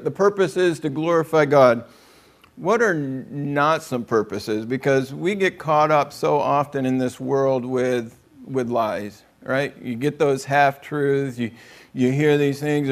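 A man preaching a conversational sermon, joking with the room and acting out quotes in other voices. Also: mid-range voice. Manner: joking, chatty, acts out quotes.

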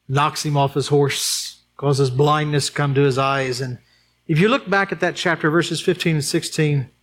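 A man preaching a sermon as pastor, emphatic, asking the congregation questions and swinging between urgent peaks and quiet asides. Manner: emphatic, rising to high urgent peaks then dropping low and quiet; addresses the congregation with rhetorical questions.

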